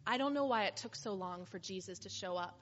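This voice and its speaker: Speaking a little fast in a mid-range voice, a woman lightly acts a first-person monologue as a weary woman healed after years of suffering. She recounts it earnestly, like heartfelt testimony. The audio is slightly muffled, with a faint hiss.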